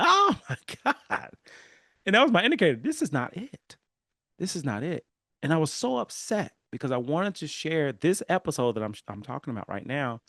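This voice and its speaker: His voice sits on the high side and sounds gravelly, recorded at studio quality without echo. The Southern California podcaster talks straight to his audience in a casual solo monologue, animatedly telling stories and laughing.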